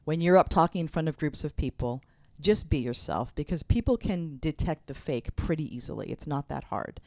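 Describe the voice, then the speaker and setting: Middle-aged woman, low pitch, dry close sound, candid keynote speaker with a direct way of advising. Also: lively intonation, normal speed, a little mellow, no echo. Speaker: mayor giving a keynote speech. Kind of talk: conference keynote speech. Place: conference hall.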